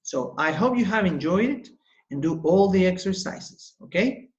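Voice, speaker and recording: A man's voice: high voice, expressive, normal speed. A man teaching young pupils in a recorded lesson, spelling words out letter by letter and repeating them patiently, with encouragement. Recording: roomy, slightly dull home recording.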